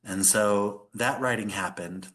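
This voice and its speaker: A man's voice: lowish voice, unhurried, fairly bright tone. A middle-aged man, a podcast guest, telling a personal story in earnest conversation, with many fillers.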